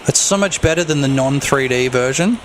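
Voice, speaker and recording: A man streaming while he develops a game, chatting casually and excitably, swearing and rambling. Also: mid-range voice, fairly quick, a little hiss or hum. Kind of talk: casual livestream chat.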